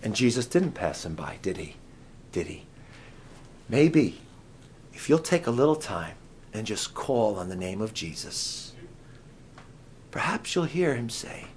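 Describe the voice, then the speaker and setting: A male preacher delivers a sermon at a camp meeting, his pitch leaping up and down as he tells the story. He keeps questioning the congregation and swings from loud cries to near whispers, with a faint hum of the room around him. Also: sing-song, unhurried, pauses often. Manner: dramatic, swings from shouts to hushed whispers; asks the audience many questions.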